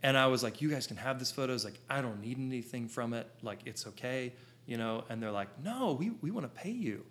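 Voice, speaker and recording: Excitable man in his thirties telling a story. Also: medium pitch, a little fast, hardly any pauses. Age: 30s. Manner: excitable, with rambling restarts and lots of "like". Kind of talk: animated personal storytelling to an audience.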